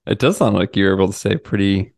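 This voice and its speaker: A man hosting a podcast, asking questions in a relaxed way, hedging with frequent fillers. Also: low-pitched, fast, vocal fry, no echo, studio quality. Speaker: podcast host. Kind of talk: casual interview.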